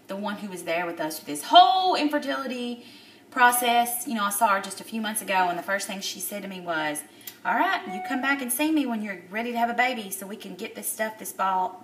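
A woman's voice: mid-range voice, animated, distant mic, slight background noise. Upset woman in her thirties, tearful. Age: 30s. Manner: emotional, tearful, halting with many fillers. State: upset, near tears. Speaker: vlogger. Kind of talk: personal video diary. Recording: roomy echo, a bit off-mic.

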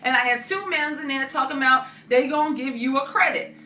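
A woman playing a loud, sassy, irate customer from the Bronx, with a New York accent, complaining on a phone call. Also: high-pitched, fairly quick, echoey room, distant mic. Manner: brash slangy complaining. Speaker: caller.

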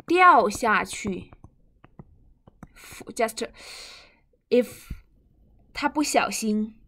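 A woman's voice: fairly high pitch, pushed and bright. A woman whose first language is Mandarin Chinese, teaching a bilingual language lesson and patiently repeating and glossing each word.

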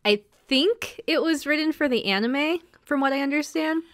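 A woman hosting a podcast, recapping episodes in casual chat and slipping into characters' lines as she goes. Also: high voice. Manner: chatty, acts out characters' lines in quick asides. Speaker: podcast host.

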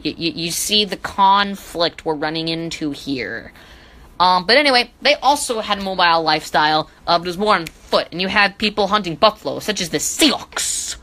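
Bright-voiced woman teaching history casually. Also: on the low side, moderate pace, rough recording. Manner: joking, self-deprecating asides; stumbles over names. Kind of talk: casual educational podcast.

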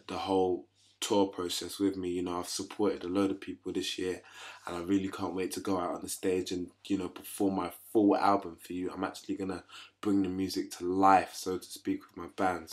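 A young man speaks in a low, fairly even voice, chatting casually to the camera in his home kitchen. His delivery is easygoing and upbeat, with a friendly, apologetic promo tone. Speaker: musician promoting a tour. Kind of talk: casual video diary.

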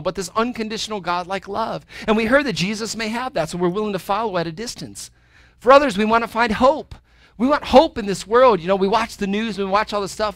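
A man with a high, bright voice preaches a sermon in a church, loose and conversational, tossing in playful asides. The sound is dry and close. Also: no echo. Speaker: pastor. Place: church sanctuary.

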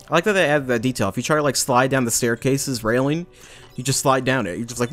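A man's voice: mid-range voice, fast talker, faint music behind. A man doing casual let's-play commentary, sarcastic and rambling, with playful swearing. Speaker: gaming YouTuber.

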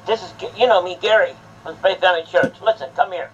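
A man's voice: high voice, steady tone, fast talker, a bit bright. A man, a pastor, lecturing bluntly and sternly during a confrontation in a church. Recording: muffled with faint background noise.

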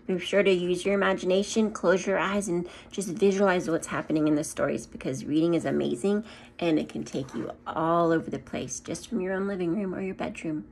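A woman, a second grade teacher, reading a children's book aloud in a gentle, expressive storytelling manner. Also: lowish voice, fairly quick, vocal fry, a little hiss or hum.

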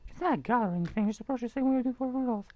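A woman's voice: a little high, very fast, mellow, dry recording, lo-fi sound, close to an everyday voice. A woman voicing a blunt, sarcastic teenage girl classmate who makes dry, dismissive retorts.

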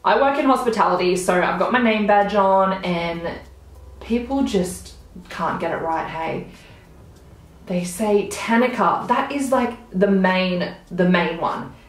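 Her voice on the low side, a young woman applies makeup while chatting casually to camera for her beauty vlog. She comes across gushing and bubbly, mumbling as her phrases trail off, in a very echoey room.

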